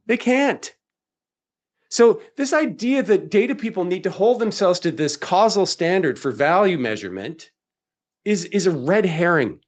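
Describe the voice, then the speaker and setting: A man hosting a live webinar, talking in an emphatic, rhetorical way and firing off questions that he answers himself. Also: high voice. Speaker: webinar host.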